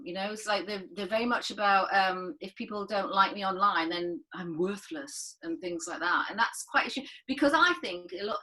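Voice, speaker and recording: A woman's voice: fairly high pitch, pushed and bright, poor audio. A woman co-hosting a casual chat podcast, rambling and restarting her sentences, laughing often. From northern England. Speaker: podcast co-host.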